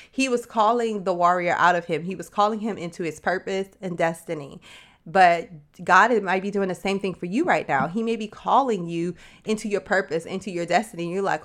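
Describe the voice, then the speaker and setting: A woman's voice: on the low side, normal speed. A woman giving a casual Bible teaching, talking conversationally and acting out Bible figures in everyday speech. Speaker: host of a faith series for women.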